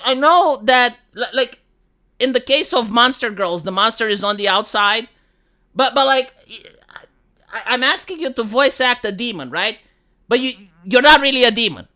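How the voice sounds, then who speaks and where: A woman with a Montreal accent ranting profanely to her live-stream audience. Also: a little high. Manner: profane, exasperated, fast and animated. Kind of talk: casual live-stream rant.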